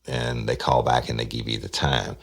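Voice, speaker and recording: A man's voice: a bass voice, fairly even intonation, moderate pace, gravelly. A man, a former detective telling a case in a blunt, profane, tough-talking way. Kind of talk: casual true-crime storytelling.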